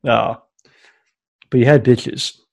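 A man's voice: mid-range voice, steady tone, takes it slowly, gravelly, darkish tone. A young man co-hosting a crude movie commentary podcast, wisecracking, laughing often and stammering. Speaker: podcast co-host.

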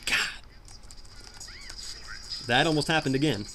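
A young man giving jokey, animated commentary while playing a hard video game, often shouting in frustration. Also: on the high side, measured pace, over music. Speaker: gameplay commentator. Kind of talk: let's play commentary.

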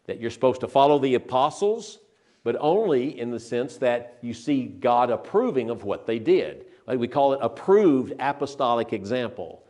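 An older man delivering a sermon at a medium pitch, earnest and emphatic. He slows down to stress the verses and tends to repeat and restart his phrases. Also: darkish tone. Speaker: preacher.

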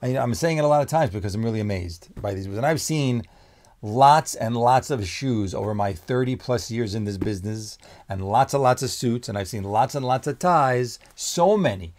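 An excited middle-aged man showing off new leather goods in a casual unboxing vlog. He gushes and exclaims as he goes, rambling loosely between points. His voice sits at an ordinary pitch for a man. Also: normal speed. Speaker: menswear shop owner presenting products.

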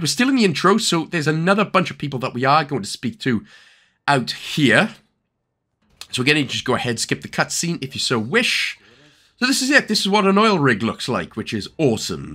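A young man with a Welsh accent narrates a game walkthrough. His voice is bright and lively, with pitch that jumps around. He jokes and fills pauses with "um" and "uh" as he gives directions. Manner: chatty and jokey, with filler-heavy instructions. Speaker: gaming YouTuber.

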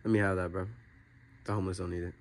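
A man's voice: low-pitched, level tone, rapid-fire, a little hiss or hum. A man bantering casually in a joking, teasing way.

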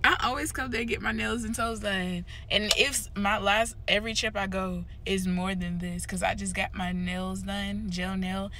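A woman's voice: medium pitch, fairly even intonation, moderate pace, hardly any pauses, sharp tone. Giggly young woman vlogging on the go. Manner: chatty and giggly, addresses viewers as y'all. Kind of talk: casual vlog chat. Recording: noisy street and car sound.

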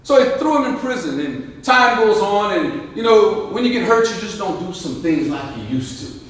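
Give me a man giving a lively speech in an echoing hall. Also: sits high, moderate pace. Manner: lively, jokes and asks the crowd questions. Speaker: guest speaker, veteran. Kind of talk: motivational speech. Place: large indoor hall. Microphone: distant microphone. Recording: echoey hall, distant mic.

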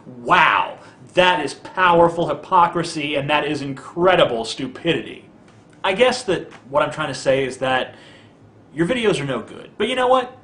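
Sarcastic, bright-voiced ranting man. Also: on the high side, roomy sound, a little hiss or hum. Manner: sarcastic, profane, mocking. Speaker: vlogger. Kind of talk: ranting video commentary.

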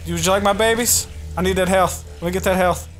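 A man doing live gameplay commentary, excitable and profane, trash-talking and yelling at opponents. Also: sits high, fast. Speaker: gaming YouTuber. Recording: game music under the voice. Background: video game music and sound effects.

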